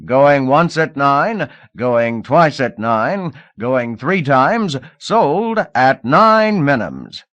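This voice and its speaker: A man's voice: mid-range voice, very animated, unhurried, fairly bright tone, dry recording, lo-fi sound, voice pushed up. A man voicing a nervous, fawning male slave auctioneer who pleads and chants bids. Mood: chanting. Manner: pleading, wheedling, sing-song chanting.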